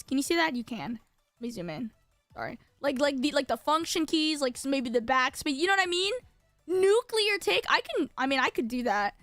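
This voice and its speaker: A woman's voice: sits high, fairly bright tone, dry recording. A young adult woman streaming as a VTuber, chatting casually and bubbly with lots of filler words while she designs. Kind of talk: casual live-stream chat.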